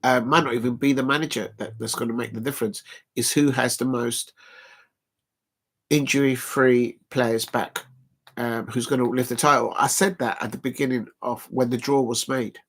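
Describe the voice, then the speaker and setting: A man hosting a live football watch-along, sounding worn out as he talks. His mid-pitched voice carries a gravelly fry, and he rambles loosely, padding his sentences with fillers while reading quotes to his viewers. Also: steady tone, moderate pace, a bit bright. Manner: rambling, full of "uh" fillers, reads quotes aloud. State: tired. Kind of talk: casual live-stream commentary.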